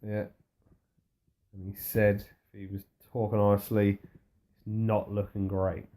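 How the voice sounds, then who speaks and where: A man's voice: lowish voice, level tone, slow, mellow. A man co-hosting a casual wrestling recap, laid-back and dry, rambling through the show's events. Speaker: podcast co-host.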